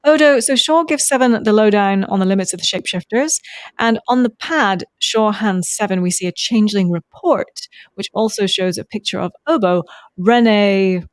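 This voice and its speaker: A woman's voice: medium pitch, moderate pace, dry recording, clean studio sound. A woman co-hosting a podcast, chatting casually and rambling with many ums. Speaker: podcast co-host. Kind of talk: casual recap chat.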